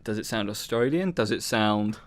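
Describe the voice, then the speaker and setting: A man's voice: lowish voice, animated, normal speed. A young man from southern England co-hosting a podcast in a rambling, casual chat. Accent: Southern English. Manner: chatty, rambling, slips into mock accents. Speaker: podcast co-host.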